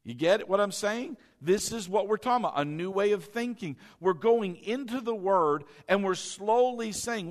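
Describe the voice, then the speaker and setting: A man with a high voice preaches to his congregation, hammering his points by repeating questions and having them say lines back. His voice rings with the long reverb of a church hall. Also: expressive, normal speed, few pauses. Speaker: pastor. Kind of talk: sermon.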